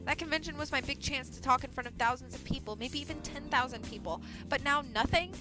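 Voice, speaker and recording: A woman's voice: high voice, fast, over music, close to an everyday voice. A woman reading aloud from a game, voicing a sad, self-pitying male cat senator in a whiny, defeatist way. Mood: despairing.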